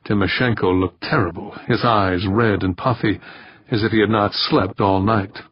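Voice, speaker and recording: A man reading a novel aloud in a steady, measured narration. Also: on the low side, slightly rough, no room sound. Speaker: audiobook narrator. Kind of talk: scripted narration. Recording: dull lo-fi dry recording.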